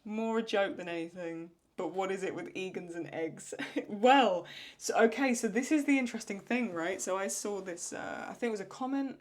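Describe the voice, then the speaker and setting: A woman's voice: medium pitch, moderate pace, a little mellow. A woman hosting a casual question-and-answer chat, thinking aloud with restarts and laughing as she retells funny lines. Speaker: channel host answering viewer questions.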